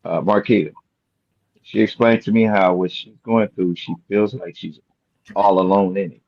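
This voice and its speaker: A man's voice: low-pitched, steady tone, normal speed, gravelly, dry recording. A middle-aged man, a guest joining remotely, talking in an earnest, reflective way about his own experience. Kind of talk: casual chat. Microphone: remote video call. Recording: dull lo-fi call audio, dry.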